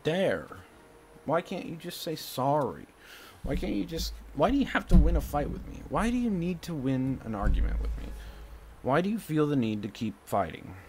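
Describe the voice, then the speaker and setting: Agitated ranting man, lively pitch. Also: moderate pace, slight background noise. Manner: agitated, swinging between loud outbursts and low muttering, swears a lot. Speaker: streamer. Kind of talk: ranting monologue to the camera.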